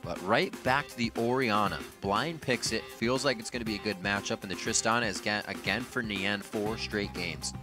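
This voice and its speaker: A man casting an esports match play-by-play, excitable and jumping in pitch for emphasis. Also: normal speed, few pauses. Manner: excited, jumps high in pitch when stressing points. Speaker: esports caster. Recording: commentary over game music.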